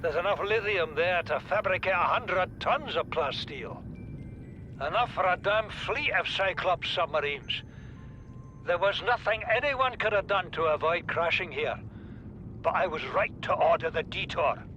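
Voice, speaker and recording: An actor playing a weary, fatalistic stranded survivor, speaking in a grave, measured tone in a game audio log. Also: male voice, sits high, expressive, lo-fi sound, slight background noise, exaggerated voice. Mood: proud. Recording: game audio log over loud music. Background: music.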